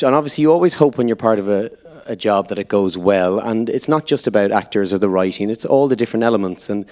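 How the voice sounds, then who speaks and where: An Irish man speaks at a live on-stage Q&A, his voice sitting fairly low. He tells stories with energy and slips into quoted lines as he goes. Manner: lively anecdotal storyteller, quotes others in voices. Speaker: actor guest on a panel. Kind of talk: on-stage Q&A storytelling. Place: live event venue before an audience.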